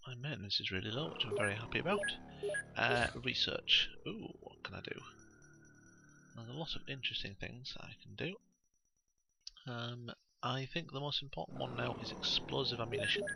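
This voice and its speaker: A man's voice: medium pitch, vocal fry. A man giving rambling, casual let's play commentary, full of ums and uhs.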